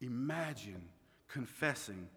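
A man preaching a sermon as pastor, emphatic, swinging between loud stresses and quiet asides. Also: medium pitch, animated, slow, breathy edge. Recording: long reverb of a hall.

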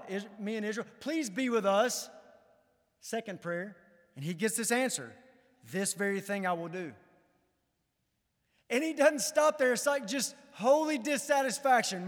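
A man preaching a sermon in a high, light voice, his words ringing out with a long reverb through a church sanctuary. He moves from earnest, rising emphasis to hushed, searching appeals to the congregation. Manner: earnest, building to fervent emphasis then dropping low. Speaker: pastor.

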